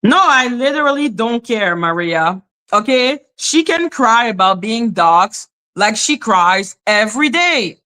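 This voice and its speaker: A woman rants on a livestream with a blunt, profane, taunting delivery. Her voice is bright and cutting, pitched somewhat high, and she takes her time with the words. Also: lively intonation, unhurried. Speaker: livestream host. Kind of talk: confrontational live-stream rant.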